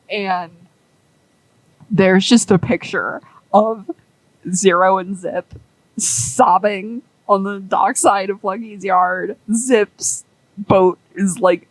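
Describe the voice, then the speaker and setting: A woman's voice: medium pitch, dry recording, low-quality recording. A young woman rambling through a casual story with many fillers and an amused tone.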